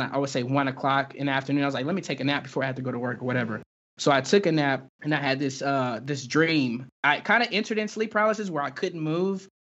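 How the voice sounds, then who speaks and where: A man's voice: fairly high pitch, fairly bright tone. Young man telling a tale in lo-fi sound. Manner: halting, heavy with fillers and restarts. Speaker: guest telling his own experience. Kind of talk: casual storytelling. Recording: dull lo-fi recording.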